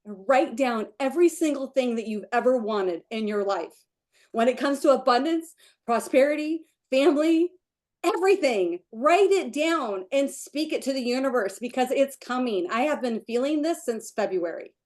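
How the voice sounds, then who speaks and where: A woman leading a team meeting on a video call, giving an emotional, gushing motivational pep talk. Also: moderate pace. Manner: gushing, emotional, breaks into high excited chants. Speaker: team leader hosting a sales meeting.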